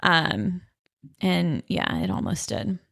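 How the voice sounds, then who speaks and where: A woman's voice: fairly low pitch, very animated, slow, gravelly, fairly bright tone, no echo, clean studio sound. A woman co-hosting a podcast, chatting candidly and laughing at herself. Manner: candid, self-deprecating, laughs often. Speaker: podcast co-host, orthopedic PA. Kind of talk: casual chat.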